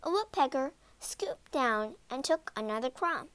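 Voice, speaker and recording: A woman narrating a children's storybook aloud in an animated, dramatic way. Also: sits high, unhurried, smooth. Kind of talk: expressive storybook read-aloud.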